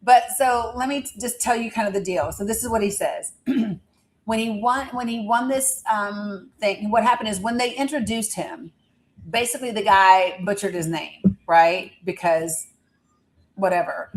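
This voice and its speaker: A woman's voice: mid-range voice, normal speed, a little hiss or hum, poor audio. A woman chatting casually on a live stream, rambling through a story and teasing her viewers.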